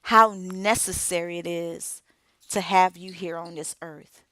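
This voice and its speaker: A middle-aged woman delivers an inspirational speech, her voice sitting a little low. She takes her time, leaning on each phrase with emphatic, measured pauses. The sound is close and dry, with no room around it. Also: steady tone, bright, forceful tone, no echo. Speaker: author and radio co-host.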